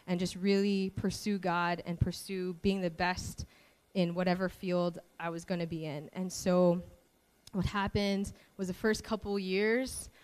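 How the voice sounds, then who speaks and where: A woman from Hawaii giving a personal faith testimony, telling her story in a lively way and acting out the voices she quotes. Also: lowish voice, measured pace, clean tone.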